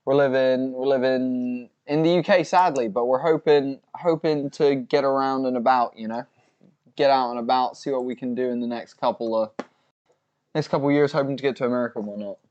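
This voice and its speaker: A man's voice: medium pitch, fairly quick, a little mellow, dull audio. A man co-hosting a live fight stream, chatting casually and chiming in with short, agreeable replies. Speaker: co-host of a fight watch-along stream.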